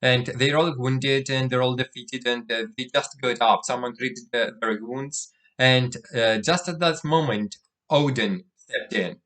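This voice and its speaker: A man casually recapping a comic chapter aloud, halting, with many fillers and restarts and the odd throat clear. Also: medium pitch, fairly bright tone. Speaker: manga chapter recap host. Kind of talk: casual spoken recap with read-out dialogue.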